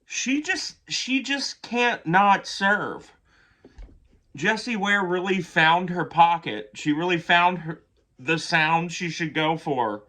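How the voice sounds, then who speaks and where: A man's voice: sits high, slow, bright, forceful tone. A man giving casual reaction commentary on an album, gushing and chatty, who swears casually and keeps yawning. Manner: yawns often. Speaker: music reaction youtuber.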